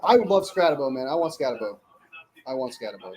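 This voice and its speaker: A man co-hosting a casual football draft livestream, excitable and tossing in "man" and "dude". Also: medium pitch, fast, low-quality recording. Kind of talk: casual sports chat.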